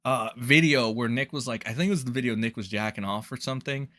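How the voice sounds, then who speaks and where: Bright-voiced, exasperated swearing streamer man. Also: medium pitch, fast talker. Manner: profane, exasperated, rambling. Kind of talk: live stream reaction commentary.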